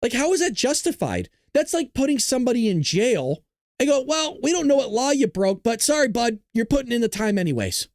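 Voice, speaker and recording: A man's voice: very high voice, big pitch swings, fairly quick, dry recording, studio quality. A male show host ranting to his live-stream viewers, frustrated and full of profanity, talking straight to his audience.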